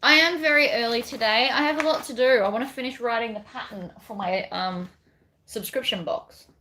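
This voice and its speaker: A woman with a slightly high voice chats as she works at the sewing machine. Her talk is rambling and casual, as on a crafting livestream. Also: fairly quick, sharp tone. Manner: chatty, reads out viewer comments, rambling. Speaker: bag pattern designer.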